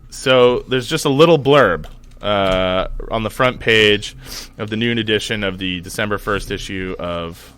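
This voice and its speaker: A man's voice: lowish voice, unhurried, fairly bright tone, smooth. A young man co-hosting a podcast in casual chat, rambling with many fillers and laughing easily. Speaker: podcast co-host.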